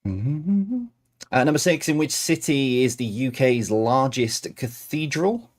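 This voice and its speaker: A man's voice: mid-range voice, unhurried. A man hosting a quiz night on a stream, reading questions aloud with chatty, self-mocking asides between them. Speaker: quiz host.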